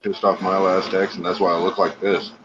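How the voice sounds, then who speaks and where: Low-voiced man on a muffled mic. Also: level tone, a little fast. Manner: joking, crude banter. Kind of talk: casual chat. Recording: dull lo-fi mic with background noise.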